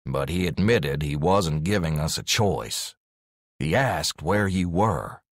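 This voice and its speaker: A man's voice: rumbling low, expressive, slow pace, no room sound, clean studio sound, exaggerated voice. A man voicing a bitter young man who speaks with grudging sarcasm in an audiobook. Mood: sarcastic.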